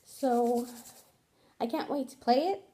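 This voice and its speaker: Rambling young woman vlogger, mellow voice. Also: high voice, slow pace. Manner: rambling, candid, swears casually, frequent fillers. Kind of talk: casual rambling vlog.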